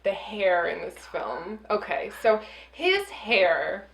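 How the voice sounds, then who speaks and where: A woman's voice: mid-range voice, sing-song, slow, a crowd in the background. A young woman hosting a movie review, sarcastic, chatting casually and acting out scenes. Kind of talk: casual chat. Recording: roomy echo.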